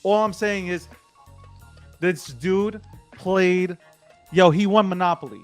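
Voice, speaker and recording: A man co-hosting a late-night talk show, his voice sitting somewhat high for a man. He talks in a slangy, emphatic, rambling way, and faint music plays underneath. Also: takes it slowly. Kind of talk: casual talk-show commentary.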